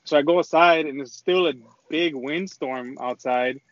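A man's voice: on the high side, measured pace, no room sound. A young man telling a rambling, slang-heavy story in casual chat, with lots of swearing. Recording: dull lo-fi dry recording.

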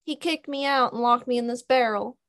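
A woman's voice: fairly high pitch, fairly quick, fairly bright tone, no room sound, studio quality. A woman voicing an annoying, lonely young male imp demon with a Southern accent and a whiny, childish manner.

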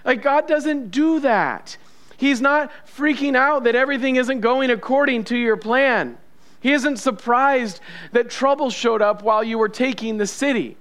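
A man's voice: very high voice, measured pace, a bit bright. A male pastor preaching a sermon, emphatic and repetitive, asking the congregation questions.

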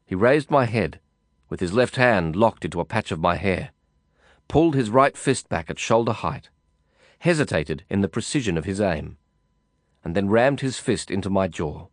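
A man reading a first-person novel aloud in a measured, brooding way. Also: deep voice, animated, dry recording, studio quality. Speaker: audiobook narrator.

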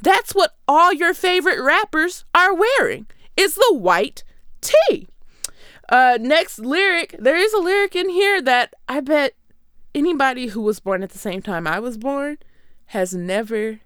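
A woman's voice: high-pitched, big pitch swings, a little slow, fairly bright tone, no echo, studio quality. A woman in her twenties from Michigan, giving a sarcastic, conversational comedy monologue. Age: 20s. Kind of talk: comedic monologue about song lyrics.

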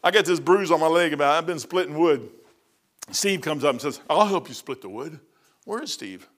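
A man's voice: fairly high pitch, animated, normal speed, fairly bright tone. A middle-aged man preaching informally, telling personal stories in an emphatic, folksy way.

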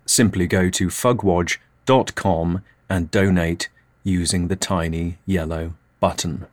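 Deadpan man, low voice. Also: slow pace, a little hiss or hum. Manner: deadpan and absurd. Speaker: podcast host. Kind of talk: deadpan comic monologue.

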